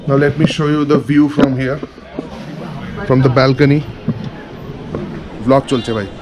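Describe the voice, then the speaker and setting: A man's voice: mid-range voice, steady tone, measured pace, crowd noise, rough recording. A man from India chatting casually as a travel vlogger, showing viewers around a hotel room and balcony over a busy street. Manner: chatty, touring the room and pointing things out to viewers. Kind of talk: casual travel vlog chat. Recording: outdoor street noise.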